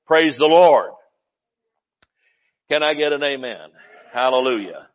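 A male pastor preaching a sermon in a lively way, breaking into laughs and hallelujahs. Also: medium pitch, slow pace, dull audio.

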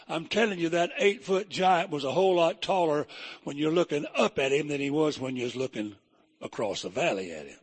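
Husky preacher telling folksy stories. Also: male voice, fairly high pitch. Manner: folksy, humorous, animated. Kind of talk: folksy storytelling sermon.

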